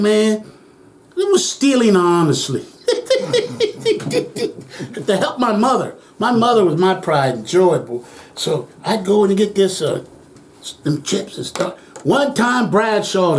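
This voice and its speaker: A man's voice: high-pitched, big pitch swings, a little slow, a little mellow, a little hiss or hum. An older man recounting childhood memories in an oral history interview, acting out the voices of people he quotes and chuckling as he goes.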